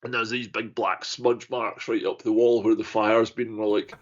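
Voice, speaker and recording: A man's voice: fairly low pitch, little pitch movement, normal speed. A young man, telling sweary stories in a casual podcast chat. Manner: sweary storytelling. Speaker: podcast co-host. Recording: muffled lo-fi recording.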